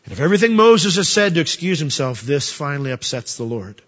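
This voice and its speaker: A man's voice: fairly high pitch, big pitch swings, fast talker, fairly bright tone. A man preaching a sermon in a conversational way, with humorous asides and plenty of rhetorical questions. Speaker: pastor. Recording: dull lo-fi audio in a reverberant hall.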